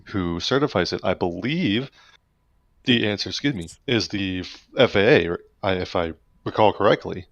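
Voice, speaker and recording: A man with a very low voice hosts a live broadcast and answers viewer questions in an easy, thinking-aloud way. The sound is dry and a little dull. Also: moderate pace, dry recording. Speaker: livestream host. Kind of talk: casual live commentary.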